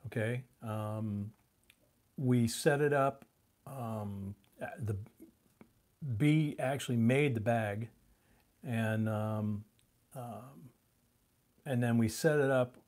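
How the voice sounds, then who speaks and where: A man's voice: medium pitch, very slow, long pauses. A man hosting a casual live stream, greeting viewers by name, with the hiccups. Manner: relaxed, greets viewers by name, chews while talking.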